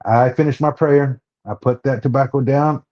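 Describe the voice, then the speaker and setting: A man from Oklahoma, a podcast guest, telling a personal story in a halting way, restarting and repeating words. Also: mid-range voice, fairly even intonation. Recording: dull lo-fi sound.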